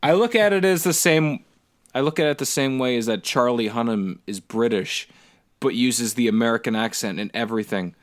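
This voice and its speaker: A man's voice: mid-range voice, moderate pace. A man co-hosting a casual podcast, ranting in an exasperated way with lots of fillers. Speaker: podcast co-host. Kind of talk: casual chat.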